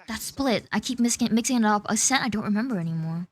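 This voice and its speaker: A woman hosting an esports watch party, switching between loud cheering and quick match analysis. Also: medium pitch, lively intonation. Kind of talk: excited esports co-watching chat.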